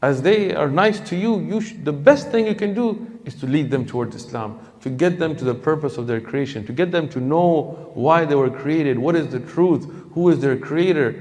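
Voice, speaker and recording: Brief: middle-aged preacher, gravelly, animated storyteller, heard in a reverberant hall. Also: male voice, on the high side, moderate pace, hardly any pauses. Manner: lively storyteller acting out dialogue. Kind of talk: storytelling sermon.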